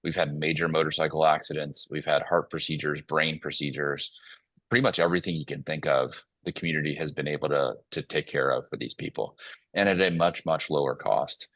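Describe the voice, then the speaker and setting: A man's voice: extremely low pitch, steady tone, fairly quick, fairly bright tone, dry recording. A man speaking as a company CEO guest, telling a long story in an earnest way with plenty of fillers. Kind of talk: casual panel talk, telling a story.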